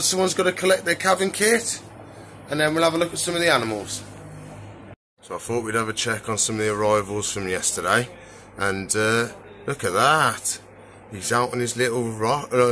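A man talks casually as he shows off his animals and the tanks he builds, rambling from one thing to the next with plenty of easygoing fillers. His voice sits at an ordinary middle pitch, and a faint hum of background noise runs under it. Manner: rambling, relaxed, many "so yeah" fillers. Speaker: exotic pet keeper and vlogger. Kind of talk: casual chat while showing animals.

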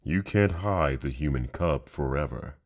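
A man's voice: rumbling low, lively intonation, takes it slowly, heavily acted. A man voicing a huge, menacing male tiger who growls his threats. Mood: muttering.

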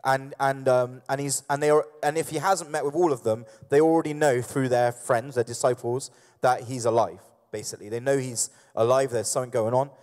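A man's voice: mid-range voice, steady tone, brisk, a little mellow. A man preaching a sermon in a church hall, in a conversational way, with many fillers and restarts, acting out the scenes he describes. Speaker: pastor. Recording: echoey hall reverb.

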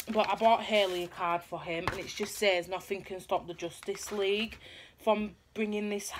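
A woman's voice: medium pitch, slight background noise. A young woman chatting through a shopping haul in a rambling show-and-tell manner, recorded at home. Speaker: vlogger showing a haul. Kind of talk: casual chat.

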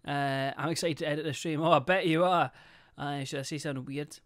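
A man's voice: on the high side, fairly even intonation, a little fast, a bit bright, clean tone, dry recording. Chatty young man streamer, dry close mic. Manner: chatty, reads viewer names in bursts; swears casually, jokey. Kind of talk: casual live-stream chat.

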